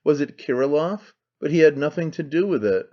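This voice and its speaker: A man's voice: fairly high pitch, expressive, dark tone, pitched above the performer's own voice. Man playing a cold, aloof aristocrat. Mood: guarded. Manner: reserved, cool, measured. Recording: slightly dull lo-fi sound.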